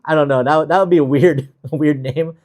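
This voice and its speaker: A man's voice: on the high side, fairly even intonation, moderate pace. A man hosting a travel livestream, chatting casually and reading viewer comments with an easygoing, filler-filled manner. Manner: easygoing, chatty, many fillers, gives shout-outs.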